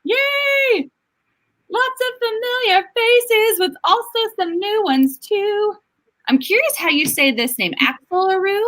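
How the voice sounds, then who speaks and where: A woman's voice: very high voice, lively intonation, unhurried, fairly bright tone, poor audio. A woman hosting a casual livestream chat, bubbly and giggly as she greets viewers. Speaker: livestream host.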